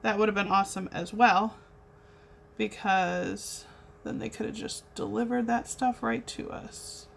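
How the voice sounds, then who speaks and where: A woman's voice: medium pitch, steady tone, unhurried, vocal fry, a little hiss or hum. A young adult woman hosting a craft livestream, chatting in a bubbly way with viewers as she paints. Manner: bubbly, chatty, talks to viewers while working. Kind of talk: casual chat while painting.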